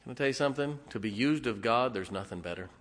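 A man preaching in a church sanctuary, his voice carrying a long reverb off the walls. He talks in a folksy, homespun way at a middle pitch, sinking into quiet stretches before building to loud bursts. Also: fast talker. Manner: folksy, swings from hushed to loud exclamations. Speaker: pastor. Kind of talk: sermon.

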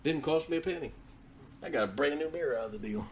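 This pastor speaks fast in a voice on the high side, with slight background noise behind him. His sermon is animated storytelling in which he acts out the voices of the people he describes.

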